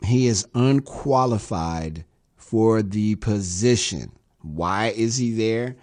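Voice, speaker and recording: A man's voice: fairly low pitch, expressive, slow, darkish tone. Sarcastic male radio commentary host. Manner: sarcastic, wry asides between read-out quotes.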